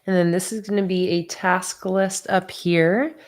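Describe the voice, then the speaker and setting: A woman's voice: lowish voice, steady tone, a little slow. A sleepy, yawning woman hosting a casual planning livestream, chatting with viewers as she thinks aloud. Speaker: bullet journal livestream host. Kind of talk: casual livestream chat while crafting.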